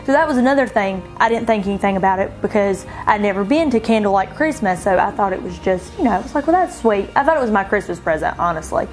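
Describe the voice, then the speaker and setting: A woman being interviewed, telling her own story in an animated way, often laughing and quoting herself in a higher voice. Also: fast, hardly any pauses, poor audio. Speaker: bride interviewed about her engagement. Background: soft background music.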